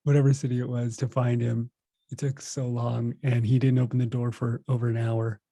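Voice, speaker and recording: A man in his thirties, a guest on a podcast, telling stories in a relaxed, self-laughing way. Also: mid-range voice, fairly quick, dry recording. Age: 30s. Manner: relaxed storytelling, laughs at himself. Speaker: podcast guest, meditation teacher. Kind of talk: casual interview chat.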